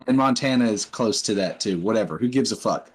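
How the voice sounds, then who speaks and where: A man chatting casually during a break in a tabletop game, loose and excitable, swearing freely. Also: lowish voice, brisk, husky, faint music behind, low-quality recording.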